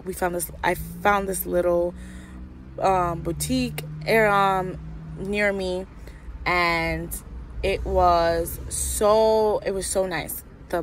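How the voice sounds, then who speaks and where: A woman's voice: fairly low pitch, a little hiss or hum. A young woman telling a frustrated, swear-laced storytime in a casual vlog, full of "like" and fillers. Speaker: vlogger.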